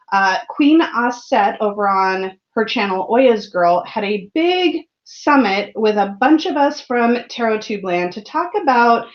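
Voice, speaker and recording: A friendly woman with a somewhat high voice hosts a casual livestream, greeting viewers by name one after another. She chats easily and laughs often. The audio is a little dull and lo-fi. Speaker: tarot channel host.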